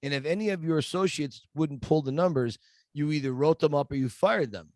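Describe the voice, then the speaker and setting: A middle-aged man, a guest in a podcast interview, telling stories in a lively way and acting out the voices of people he quotes. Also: fairly high pitch, a little fast, dry recording.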